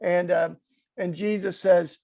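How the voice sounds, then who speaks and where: A man with a strong Southern US accent, giving an earnest talk as guest speaker at an evening event and retelling scripture slowly and deliberately. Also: high voice, fairly even intonation, dark tone, no room sound. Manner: earnest, slowed on purpose, reading scripture aloud. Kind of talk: sermon-style talk. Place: event hall.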